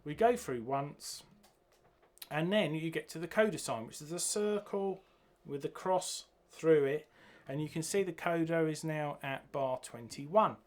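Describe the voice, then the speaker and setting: A man teaching a bass guitar piece, counting beats and singing the rhythms aloud as he goes. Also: a little slow. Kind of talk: music lesson walkthrough. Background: bass guitar playing.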